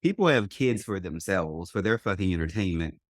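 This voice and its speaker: A man's voice: sits low, lively intonation, a little fast, no echo, clean studio sound. A man hosting a podcast, talking in a blunt, crude and opinionated way. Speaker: podcast host. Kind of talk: casual podcast chat.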